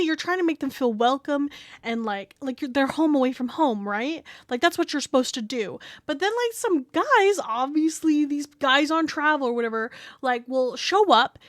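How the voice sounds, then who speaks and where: Woman streamer, high voice, rambling casual chat full of fillers and swearing, dry close mic. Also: fairly bright tone, no echo.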